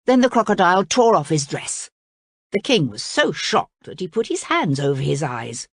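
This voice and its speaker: A woman reading a children's story aloud in an expressive, lively way. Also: low-pitched, moderate pace, breathy edge, no room sound, clean studio sound. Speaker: storybook reader.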